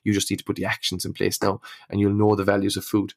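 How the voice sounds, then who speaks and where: Male fitness coach hosting his podcast, low voice, little melody, repeats himself. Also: completely flat delivery, fast, vocal fry. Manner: repeats words, coaching tone, addresses listeners as guys. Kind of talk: solo podcast advice.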